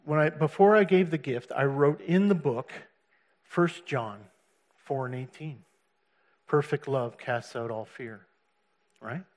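Man telling a lively faith testimony. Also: fairly high pitch, unhurried, long pauses. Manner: storytelling, acting out quotes, chuckling, rising animated. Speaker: testimony speaker.

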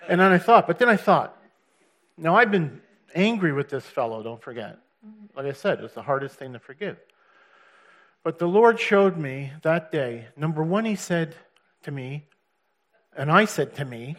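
Man telling a lively faith testimony. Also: a little high, moderate pace, long pauses. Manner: storytelling, acting out quotes, chuckling, rising animated. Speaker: testimony speaker.

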